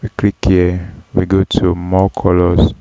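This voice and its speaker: A man teaching a data analysis tutorial, walking through each step slowly with frequent ums and self-corrections. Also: low-pitched, monotone, mellow, no echo. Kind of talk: screen-recorded software tutorial. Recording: dull, dry lo-fi voice track.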